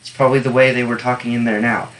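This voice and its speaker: A man reading a novel aloud in steady first-person narration, stopping now and then for wry, offhand comments on the text. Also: mid-range voice, quick pace, poor audio. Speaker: reader and annotator.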